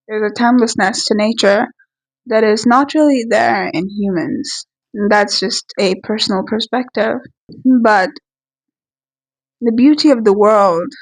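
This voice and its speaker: A woman reads lines of a war poem aloud and then unpacks them in an unhurried, musing way. She speaks slowly, stopping often and restarting her thoughts as she goes. Her voice sits at an ordinary middle pitch for a woman. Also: low-quality recording. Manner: reflective, musing, frequent pauses and restarts. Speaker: poetry reviewer. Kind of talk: casual poem analysis, reading lines aloud.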